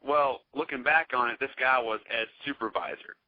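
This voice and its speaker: A man's voice: mid-range voice, moderate pace, dry recording. Profane Southern man telling a story. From Charlotte, North Carolina. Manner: rambling, profane, laid-back storytelling. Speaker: podcast guest. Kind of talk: casual storytelling chat. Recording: dull, dry podcast audio.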